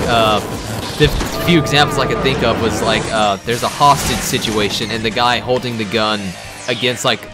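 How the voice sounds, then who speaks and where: A man giving excitable, profane, jokey commentary while playing a video game. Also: medium pitch. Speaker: let's-play gamer.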